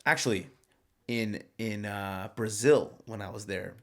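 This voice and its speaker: A man chatting as a podcast guest, telling travel stories in an animated, joking way. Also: on the low side, unhurried. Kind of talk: casual chat.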